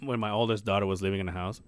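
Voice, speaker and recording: A man's voice: on the low side, fast talker, smooth, no echo. A man in his forties co-hosting a casual podcast, telling stories with lots of swearing and acting out the people in them. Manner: animated storyteller, acts out voices, swears freely. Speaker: podcast co-host. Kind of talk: casual chat.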